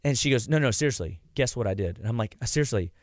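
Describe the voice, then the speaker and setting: Animated man telling health stories on radio. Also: medium pitch, fast talker, dry recording, clean studio sound. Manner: animated storyteller, acts out quotes. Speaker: chiropractic health guest on radio. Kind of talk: casual radio health talk.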